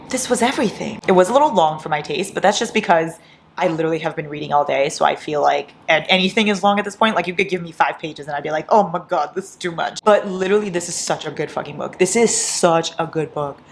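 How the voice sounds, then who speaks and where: A woman vlogging casually through an all-night reading session, giddy and excitable, laughing often and swearing, tired from no sleep. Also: lowish voice, creaky, slight background noise. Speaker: book vlogger.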